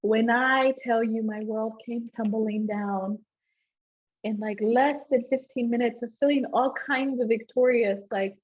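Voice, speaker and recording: A woman's voice: fairly high pitch, steady tone, unhurried. A woman giving a personal testimony to a live audience, telling her story conversationally and often checking in with "right?". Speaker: speaker sharing a personal testimony. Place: live event in front of an audience. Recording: dull, lo-fi live event recording.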